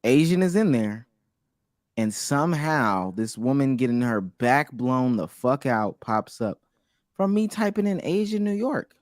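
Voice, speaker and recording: A man's voice: mid-range voice, sing-song, a little slow, no echo, clean studio sound. A man joining a podcast as a guest, talking wryly with jokes and laughter. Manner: wry, joking, laughs between remarks. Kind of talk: casual podcast chat.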